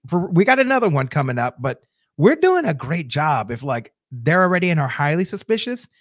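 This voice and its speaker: A man's voice: fairly high pitch, very animated, fairly quick, dry recording. A man hosting a casual TV recap show, rambling chattily to his viewers with lots of fillers and restarts, on a close mic. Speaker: host of a TV episode recap show.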